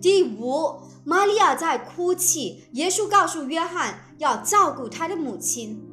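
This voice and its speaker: A woman interpreting a sermon phrase by phrase with expressive phrasing. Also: extremely high pitch, unhurried, reverberant, soft background music.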